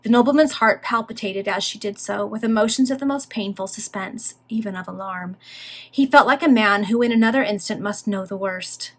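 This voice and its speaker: A woman's voice: mid-range voice, brisk. A woman reading a Victorian novel aloud with dramatic emphasis. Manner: dramatic reading, with casual chatty asides. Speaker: reader.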